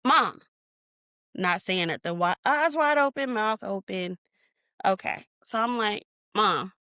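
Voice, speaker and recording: A woman's voice: medium pitch, animated, a little slow, clear, resonant tone, dry recording. Woman telling a painful memory, dry close mic. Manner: emotional retelling, reenacting her own shouts. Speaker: podcast guest. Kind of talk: personal storytelling interview.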